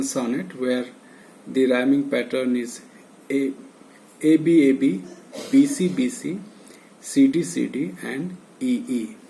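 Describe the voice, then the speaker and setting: A man with an Indian English accent gives a slow, recorded university lecture, hesitating often, using many filler sounds and listing terms one at a time. His medium-pitched voice is warm with vocal fry. The recording is low quality, with slight background noise.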